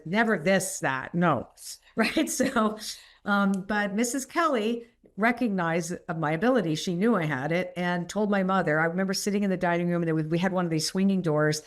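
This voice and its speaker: A middle-aged woman, a podcast guest, telling personal stories in a rambling, animated way and laughing often. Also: on the low side. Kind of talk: candid storytelling interview.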